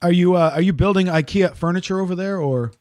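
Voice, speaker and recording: A man's voice: sits high, fast talker, background noise. A man co-hosting a podcast, chatty and playful, leading the talk. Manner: chatty, playful, leads the conversation. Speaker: podcast co-host. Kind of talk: casual podcast chat.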